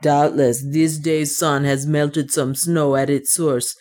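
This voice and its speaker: A woman voicing a calm dwarf servant, low. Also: takes it slowly. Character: loyal male dwarf servant, calm and plain.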